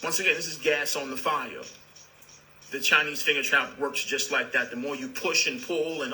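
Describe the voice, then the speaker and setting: Man, spiritual teacher, calm, repetitive, very bright tone, slightly high voice. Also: moderate pace, slight background noise, low-quality recording. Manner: calm, repetitive, addresses listeners as "beloved". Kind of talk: spiritual talk.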